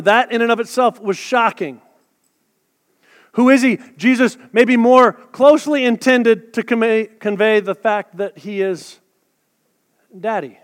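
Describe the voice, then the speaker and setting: A man preaching a sermon as pastor, talking conversationally to his congregation and dropping joking asides. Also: very high voice. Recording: long hall reverb.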